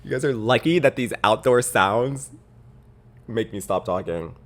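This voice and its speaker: Young male podcast host, bright edgy voice, exasperated storyteller. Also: mid-range voice, a little slow. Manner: exasperated, animated storytelling with mocking quoted voices. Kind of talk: casual podcast rant.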